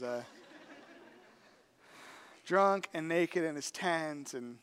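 A man preaching a sermon, telling a story in an animated, conversational way with acted-out quotes. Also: a little high, extremely slow, clean tone. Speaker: pastor.

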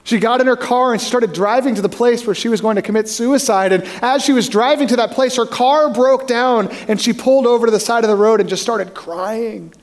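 A man's voice: a little fast, few pauses. A young adult man preaching a sermon as pastor, telling stories and acting out the voices he quotes. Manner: storytelling, acts out quoted voices with rising pitch.

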